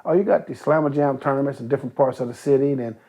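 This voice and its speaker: A gravelly older man from Compton, California, a youth basketball coach appearing as an interview guest, tells stories casually in a medium-pitched voice at a very fast clip. He's animated, acting out the voices he quotes and swearing freely, all on a dull lo-fi recording.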